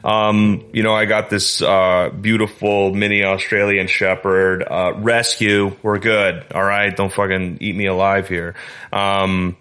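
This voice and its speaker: A young man co-hosting a podcast in casual chat, excitable and laughing a lot, with plenty of filler words. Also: deep voice, measured pace. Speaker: podcast co-host.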